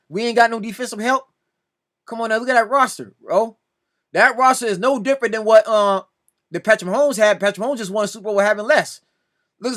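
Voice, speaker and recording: A man's voice: extremely high pitch, a bit bright. A man hosting a sports reaction video, talking casually and sounding exasperated as he argues with another commentator, pleading over and over. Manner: exasperated, repeatedly pleading "come on now"; addresses another commentator directly.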